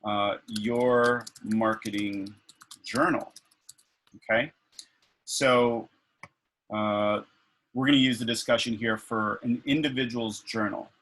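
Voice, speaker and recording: Male workshop instructor, lowish voice, loose thinking-aloud demo style over a video call. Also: steady tone, takes it slowly, long pauses, a bit bright, slight background noise, poor audio. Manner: thinking aloud with many fillers and restarts. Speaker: instructor leading a faculty workshop. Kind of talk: online workshop demonstration.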